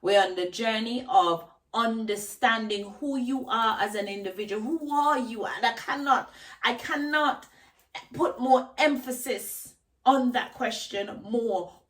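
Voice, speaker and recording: Speaking at an unhurried pace, a woman with a fairly high, fairly bright voice reflects on self-knowledge in a solo talk to camera. The audio is poor and she sounds distant from the mic; her vlog is emphatic, built on rhetorical questions and repeated key phrases.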